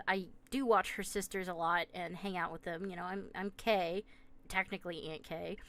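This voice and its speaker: A woman's voice: mid-range voice, fairly bright tone. Female podcast co-host, heartfelt and chatty storyteller, mid-range voice. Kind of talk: casual chat. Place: home studio.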